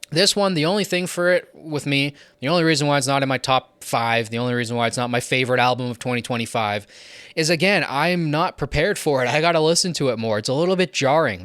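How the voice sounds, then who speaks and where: A man's voice: medium pitch, fairly bright tone, clean tone, dry recording. A young adult man ranking his favourite albums of the year, talking casually and enthusiastically with frequent fillers. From not English. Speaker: music reviewer.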